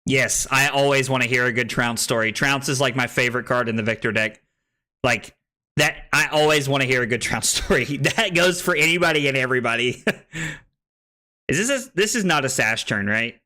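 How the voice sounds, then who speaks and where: Bright-voiced man streaming a card game. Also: medium pitch, moderate pace. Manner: chatty, thinks aloud, excitable when winning. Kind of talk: casual gameplay commentary to chat.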